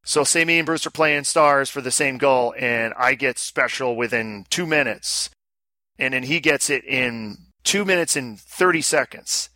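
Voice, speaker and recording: A man's voice: mid-range voice, measured pace, sharp tone, no room sound. A man co-hosting a podcast, chatting casually and explaining things at length, often repeating words as he goes. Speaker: podcast co-host. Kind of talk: casual chat.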